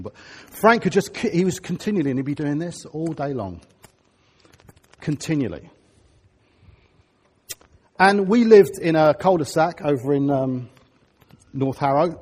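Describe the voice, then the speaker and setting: A middle-aged man preaching a sermon, telling stories in an animated way with sudden loud bursts. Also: on the high side, slightly rough.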